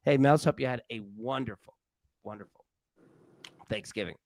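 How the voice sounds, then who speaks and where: A man hosts a live sports betting show, chatting casually, rambling, joking, and often restarting his sentences. His medium-pitched voice is creaky and a little mellow at normal speed, picked up by a studio mic on a live stream.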